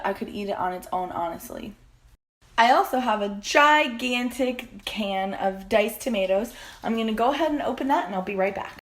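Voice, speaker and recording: Chatty woman rambling through a cooking vlog. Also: mid-range voice. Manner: chatty, rambling, self-deprecating asides. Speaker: cooking vlogger. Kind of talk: casual cooking demonstration. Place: home kitchen.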